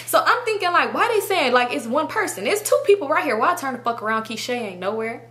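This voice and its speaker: A young woman telling a story to her viewers in a casual, animated, slangy way, with plenty of swearing. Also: high voice, quick pace. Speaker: storytime vlogger.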